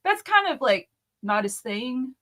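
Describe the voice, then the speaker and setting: A woman in her thirties co-hosting a live comics Q&A, chatting in a giggly, animated way and sometimes hunting for words. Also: high voice, measured pace. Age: 30s. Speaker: comics channel co-host. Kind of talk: casual live Q&A chat.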